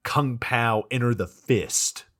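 A man's voice: medium pitch, takes it slowly, fairly bright tone. A man casually recapping a bad movie for a podcast, swearing freely and acting out the characters' lines. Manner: profane, storytelling with quoted voices. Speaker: podcast co-host recapping a film.

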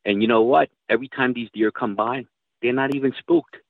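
This guest hunter, a middle-aged man, tells loose, meandering hunting tales in easygoing talk and occasionally swears. His medium-pitched voice holds a steady tone at a slightly fast clip, dry but tinny, like phone-line audio.

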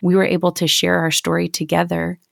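A woman in her thirties tells her own story as an interview guest. Her voice sits low with a gravelly fry, and she speaks earnestly and reflectively, circling back to restart her thoughts. The sound is dry and close. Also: monotone, brisk, no echo. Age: 30s. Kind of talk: personal testimony in an interview.

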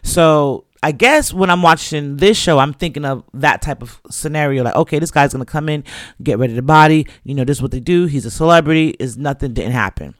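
A man runs through a show's plot in loose, casual talk, swearing freely and acting out the characters' lines. His voice sits a little high. The recording is close and dry. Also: brisk, no room sound. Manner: loose, profane storytelling that acts out characters' lines. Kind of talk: casual recap of a TV show.

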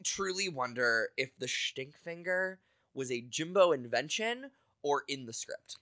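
A man co-hosting a casual podcast, talking animatedly and acting out quotes with quick asides. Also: mid-range voice, lively intonation, pushed and bright. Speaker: podcast co-host. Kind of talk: casual chat.

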